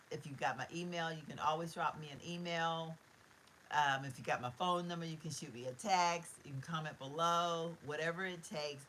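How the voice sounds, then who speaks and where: A woman's voice: deep voice, bright, forceful tone, a little hiss or hum, rough recording. A middle-aged woman, chatting live from her bedroom to viewers in a heartfelt, rambling way. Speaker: vlogger. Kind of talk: casual live-stream chat. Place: bedroom at home.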